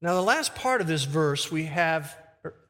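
A man preaching a sermon who reads scripture slowly and with emphasis. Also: fairly high pitch, animated, bright, forceful tone, in a large hall. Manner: slow, emphatic verse reading.

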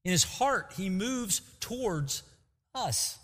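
A man preaching a sermon as pastor, lively and acting out quotes to make his points. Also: high-pitched, takes it slowly. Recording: long hall reverb.

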